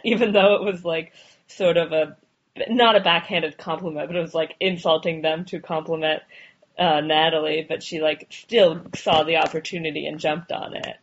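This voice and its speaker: A woman's voice: deep voice, steady tone, normal speed, breathy edge. A woman co-hosting a podcast in casual chat, talking loosely with many fillers and frequent laughs. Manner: chatty, filler-heavy, laughs often. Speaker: podcast co-host. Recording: dull lo-fi audio.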